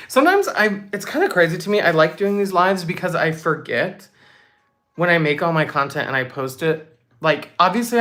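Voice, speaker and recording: A young woman hosting a casual livestream Q&A, reading out chat comments in a bubbly, chatty way with quick asides. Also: low-pitched, a bit bright. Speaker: livestream host.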